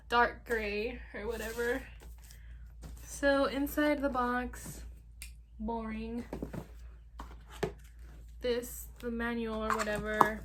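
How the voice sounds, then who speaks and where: A woman's voice: on the high side, slight background noise. A young woman vlogger unboxing on camera, giddy and giggly, with casual swearing. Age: young adult. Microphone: camera filming hands, face off screen.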